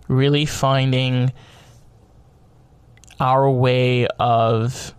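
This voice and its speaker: A man's voice: flat delivery, drawn-out words, clean tone, dry recording. A man hosting a podcast, giving a heated opinion monologue, rambling and restarting his words and swearing freely, his voice climbing when he gets worked up. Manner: grows loud and high-pitched when worked up. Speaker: podcast host.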